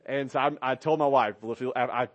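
A male pastor, maybe in his thirties, preaching a sermon. He tells animated stories and keeps checking in with "right?". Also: medium pitch, quick pace, highs cut off. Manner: animated storytelling with a pulpit cadence, asking "right?" often.

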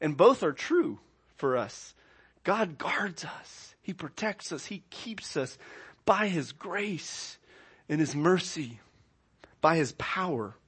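A man delivers a sermon as the pastor of his congregation, his voice sitting high for a man. He moves between hushed, low-key asides and loud, ringing declarations, leaning hard into the points he stresses. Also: animated, takes it slowly, breathy edge.

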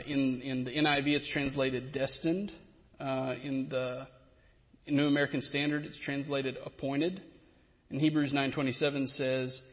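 A man preaching a sermon as a pastor, explaining scripture earnestly with frequent fillers and restarts. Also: mid-range voice. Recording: reverberant hall, slightly dull sound.

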